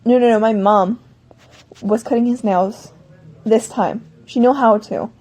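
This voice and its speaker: Woman, vlogger, casual storytelling, rambling, corrects herself, higher voice, mellow warm tone. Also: unhurried.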